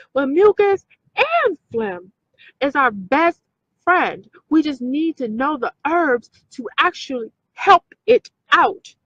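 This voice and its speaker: A woman's voice: high-pitched, fairly bright tone, no room sound, highs cut off. A woman hosting a casual talk video for her viewers, emphatic, repeating points and checking in with "okay?". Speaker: video host.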